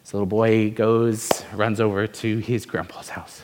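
A man's voice: lowish voice, little pitch movement, moderate pace, hardly any pauses, a little mellow. A man preaching a sermon, telling a story and asking the congregation rhetorical questions in a conversational way. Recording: reverberant hall.

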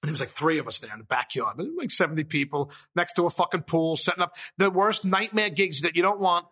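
A comedian guest tells animated, profane stories in casual chat. His voice sits high for a man and rings bright and forceful. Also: quick pace, breathy edge. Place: indoors in an old mansion.

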